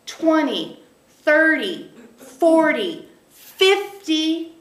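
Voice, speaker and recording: A woman's voice: high voice, very animated, drawn-out words. A woman channeler giving an emphatic teaching to a small group, stressing points by repeating them. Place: meeting room with a group of listeners. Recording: roomy echo.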